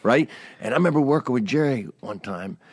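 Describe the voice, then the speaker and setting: Man, middle-aged, emphatic, profane, casual chat, mid pitch, dry. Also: expressive, a little fast, husky, dry recording. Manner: emphatic, profane, easy laugher. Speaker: guest comedian. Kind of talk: casual conversation.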